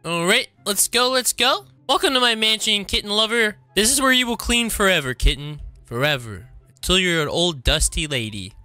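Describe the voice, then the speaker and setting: A woman in a comedic game roleplay, bossy and teasing in a deadpan way. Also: medium pitch, normal speed, hardly any pauses, no room sound, faint music behind. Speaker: co-player in a roleplay.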